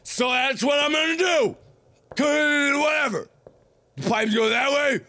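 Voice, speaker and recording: A man in his twenties hosting a gaming video, loud and goofy, ranting and rambling between frustrated outbursts. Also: extremely high pitch, a little slow. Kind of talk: let's play commentary.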